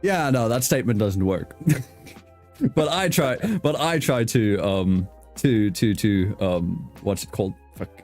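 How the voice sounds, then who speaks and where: A man with a fairly low voice hosts a casual interview over a video call. His accent blends British and South African English, and he rambles, swears offhandedly and laughs a lot. Faint music plays under the talk. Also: animated, a little slow, a little mellow. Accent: mix of British and South African English. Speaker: host.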